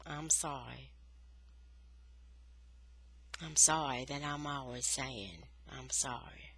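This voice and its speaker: A woman reading aloud, voicing a weary, gentle father who speaks in a soft, low, measured way. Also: a little hiss or hum, heavily acted. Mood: quiet, weary.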